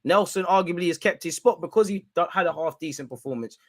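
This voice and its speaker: A young man giving excitable, slang-filled banter on a live football watch-along stream. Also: high-pitched, fast, no room sound.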